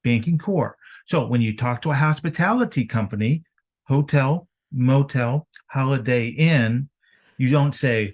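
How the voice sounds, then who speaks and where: A man talking business as a podcast guest, energetic and fond of rhetorical questions. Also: medium pitch, a little slow. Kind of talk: casual business chat.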